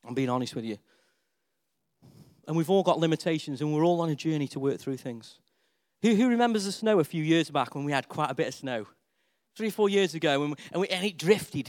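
A man's voice: fairly high pitch, expressive, normal speed, creaky, darkish tone. A middle-aged man preaching a sermon as a pastor, telling a story and acting out voices.

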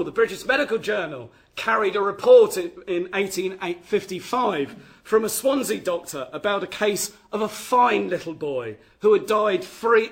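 Here a man with a high voice and a fairly bright tone delivers a history lecture. He reads from notes and frequently starts his phrases over.

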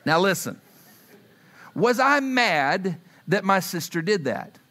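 Animated man preaching a lively sermon. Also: sits high, slow, slight background noise. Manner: animated, acts out quotes, asks the audience. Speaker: pastor. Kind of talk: sermon with storytelling.

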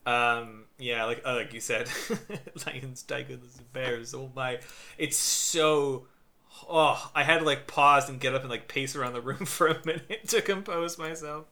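A man co-hosting a casual podcast chat, halting and full of fillers, often laughing mid-sentence. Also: mid-range voice, bright, forceful tone. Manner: halting, filler-heavy, laughs while talking. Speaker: podcast co-host.

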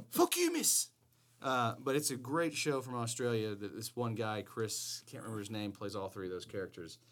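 A man's voice: on the low side, brisk, few pauses. A man from Georgia in the US, co-hosting a podcast in crude, playful banter. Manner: animated, profane, playful jokey delivery. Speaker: podcast co-host.

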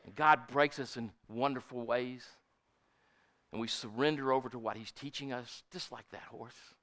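A man's voice: mid-range voice, a bit bright. An older man preaching a sermon in a folksy, storytelling way, often asking his congregation "Amen?". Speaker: pastor.

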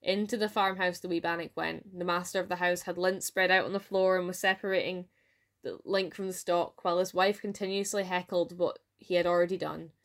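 A woman's voice: lowish voice, a little fast. Scottish woman reading a folk tale. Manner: lively read-aloud with voiced dialogue. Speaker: storyteller. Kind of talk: storytelling narration.

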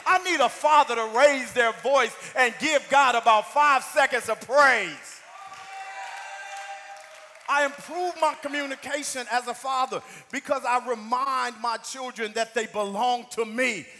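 High-voiced man preaching in an echoing hall. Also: unhurried, faint music behind. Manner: rising to loud call-and-response preaching. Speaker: pastor. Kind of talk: sermon.

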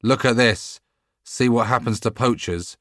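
A man reading an audiobook, voicing a bold, defiant young male outlaw who turns loud and commanding when he shouts. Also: low-pitched, a little slow, dry recording, clean studio sound. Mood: shouting. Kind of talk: audiobook character voice.

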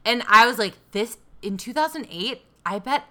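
Bright-voiced woman, casual podcast chatter. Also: moderate pace. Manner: animated storyteller, swears freely, mimics people in a low voice. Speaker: podcast co-host. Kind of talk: casual chat recapping a TV show. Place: New York City.

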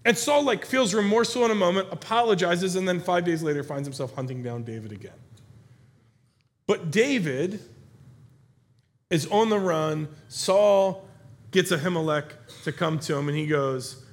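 Man, high voice, animated sermon storyteller, casual preaching, acts out quotes. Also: normal speed. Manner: animated storyteller, acts out quoted characters with raised pitch and volume. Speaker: pastor. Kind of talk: sermon retelling a Bible story.

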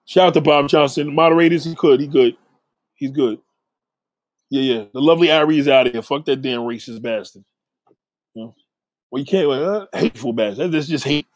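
A man hosting a livestream, ranting profanely and repetitively at a viewer in chat and giving shout-outs to supporters. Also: medium pitch, brisk, long pauses, no room sound. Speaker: livestream host reading chat. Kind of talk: casual livestream rant.

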